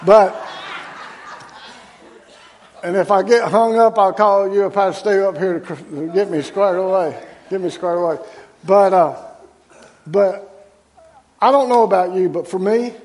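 High-voiced man preaching casually. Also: a little mellow. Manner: conversational, folksy, with many restarts and asides to the congregation. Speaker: associate pastor. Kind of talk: sermon. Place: church sanctuary.

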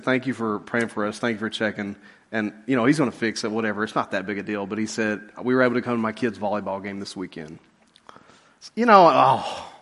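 A middle-aged man, a pastor, telling a funny personal story in a sermon and swinging from loud outbursts to hushed asides. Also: on the high side. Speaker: pastor and police chaplain.

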